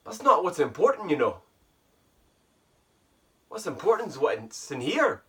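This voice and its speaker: A man's voice: fairly high pitch, big pitch swings, unhurried, sharp tone, distant mic. Man rambling in a put-on Irish brogue. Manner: rambling, self-mocking, musing aloud. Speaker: vlogger. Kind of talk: casual reflective monologue. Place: sitting in an ice bath at home.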